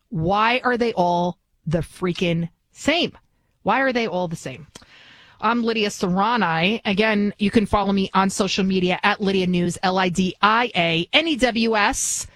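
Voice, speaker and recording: A woman's voice: mid-range voice, dry recording, poor audio. A woman in her forties hosting talk radio, telling a story in an indignant, ranting manner. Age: 40s.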